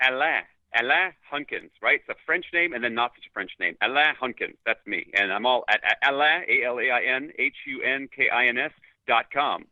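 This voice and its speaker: A man's voice: medium pitch, expressive, fairly quick, dry recording, narrow, tinny audio. A man from New York City answering interview questions in an upbeat, articulate way. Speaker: guest, leadership consultant.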